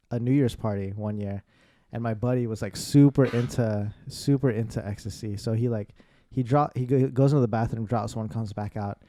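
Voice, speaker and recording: Mellow laid-back man chatting. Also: medium pitch, normal speed, no echo. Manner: relaxed, laid-back, swears casually. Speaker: podcast host. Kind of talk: casual chat, storytelling.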